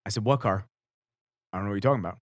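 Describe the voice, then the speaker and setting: A man hosting a podcast, telling stories casually in a fast, animated way and swearing freely. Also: fairly low pitch, dry recording, studio quality. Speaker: podcast host. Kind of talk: casual storytelling.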